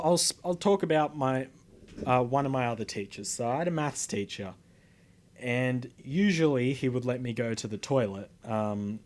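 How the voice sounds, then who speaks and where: A man's voice: medium pitch, a little mellow. Indignant Australian teenage boy ranting. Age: teens. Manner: indignant, rambling, lots of fillers and swearing. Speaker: vlogger. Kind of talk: casual storytelling to camera.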